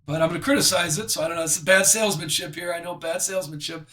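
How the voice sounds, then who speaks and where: A man hosts a live card break, calling out each card as he pulls it and chatting in a loose, self-deprecating way. His voice sits high for a man and sounds bright and forward. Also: fast. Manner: chatty, self-deprecating, reads out cards as he opens packs.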